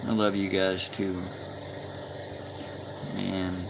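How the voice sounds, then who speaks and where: Slow laid-back man in his fifties. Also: sits low, monotone, gravelly, background noise. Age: 50s. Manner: laid-back, chuckling, folksy. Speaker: livestream host. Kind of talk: casual chat with viewers.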